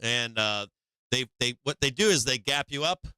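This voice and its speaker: A man's voice: medium pitch, moderate pace, clear, resonant tone, dry recording. A man hosting a live stock trading show, swearing freely, laughing often and acting out what the market will do. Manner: profane, animated, laughs often, acts out the market. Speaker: livestream trading show host.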